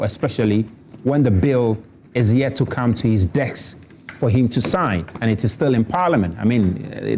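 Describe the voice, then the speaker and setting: A man's voice: medium pitch, a little hiss or hum. A man hosting a TV morning show, moderating a debate and reading from the paper. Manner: calm moderator, reads aloud from newspaper. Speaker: TV show host.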